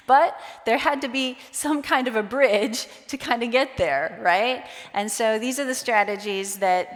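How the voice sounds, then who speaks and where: A woman giving a conference talk on stage, lively and acting out quoted voices. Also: mid-range voice. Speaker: conference speaker. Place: conference hall. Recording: long hall reverb.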